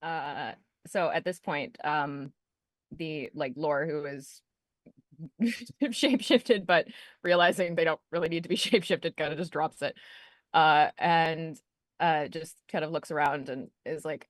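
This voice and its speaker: A woman's voice: deep voice, a little slow, no echo, clean studio sound. A laid-back woman from the West Coast, chatting casually as a player at a tabletop game.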